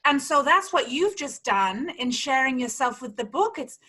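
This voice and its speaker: A woman podcast host who chats casually and warmly encourages her guest to keep sharing. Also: high-pitched, lively intonation, normal speed, husky. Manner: encouraging, affirming interviewer.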